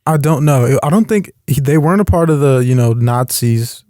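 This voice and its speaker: A man guesting on a casual movie review podcast, easygoing and quick to laugh and agree. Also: medium pitch, lively intonation, darkish tone, no room sound, studio quality. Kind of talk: casual chat.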